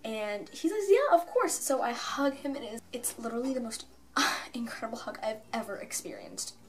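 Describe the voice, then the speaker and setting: A young woman telling a rambling, excited story for her vlog at home, full of "like" and asides. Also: on the high side, normal speed. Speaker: fan vlogger.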